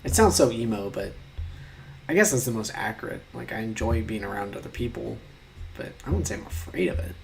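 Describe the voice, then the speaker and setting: A man's voice: fairly low pitch, expressive, a little fast, gravelly, darkish tone, slight background noise. A man in his twenties who reads quiz questions aloud and talks through his answers in a casual, joking way, with some casual swearing. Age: 20s. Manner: mock-exasperated, with casual swearing. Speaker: vlogger taking online quizzes. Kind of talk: casual commentary.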